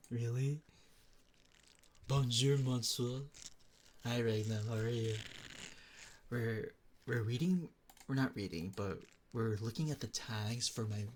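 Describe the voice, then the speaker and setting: A man's voice: lowish voice, slight background noise. A man streaming as an ASMR VTuber, chatting casually and greeting viewers by name, with lots of filler words. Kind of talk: casual live-stream chat.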